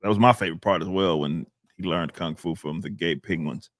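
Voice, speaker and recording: A man's voice: deep voice, brisk, dry recording, studio quality. A man hosting a casual podcast, laid-back and chatty as he reads out and thanks supporters. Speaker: podcast host reading donations.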